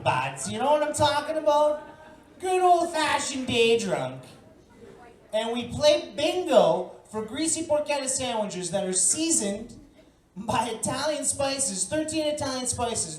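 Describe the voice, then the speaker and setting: A woman works a bar crowd with a brash, profane stand-up bit, building each story up to loud punchlines. Her voice sits a touch high. She is caught from a distance in a roomy, echoing bar. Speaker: stand-up comedian and emcee. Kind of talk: stand-up comedy set. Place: bar comedy night, indoors. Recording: echoey bar room from far off. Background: audience laughter.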